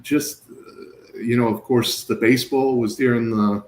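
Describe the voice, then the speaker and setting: A man in his thirties talks sports on a podcast in a relaxed, reflective way, letting phrases trail off. His voice sits at a middle pitch and rings in an echoey room. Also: unhurried. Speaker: podcast co-host. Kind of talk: casual sports chat.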